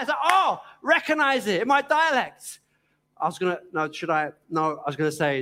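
Speaking in a very high-pitched voice, this Cockney preacher from East London gives a sermon with gentle emphasis and earnest feeling. He stops to pause frequently.

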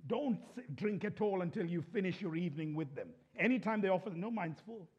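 Man preaching in a church, asks the crowd stuff then gets loud and fiery, muffled lo-fi sound. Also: sits high, fast talker, background noise. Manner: builds to impassioned shouting; conversational, asks the congregation questions. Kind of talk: sermon.

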